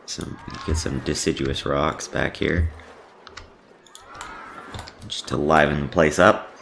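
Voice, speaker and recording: A man's voice: a bass voice, steady tone, slow pace, vocal fry, fairly bright tone, slight background noise. A man casually commenting on his own park-building game, rambling with many fillers and self-deprecating asides. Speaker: let's play host.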